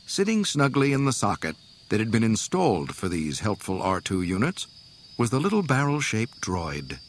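A man reading a storybook aloud in a dramatic, expressive way. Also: on the low side, normal speed. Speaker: narrator. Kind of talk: storybook narration.

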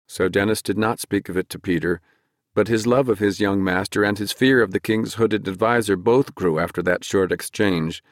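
Deep-voiced male audiobook narrator. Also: no room sound, clean studio sound. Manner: measured, dramatic storytelling, slowing for emphasis. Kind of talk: scripted fantasy narration.

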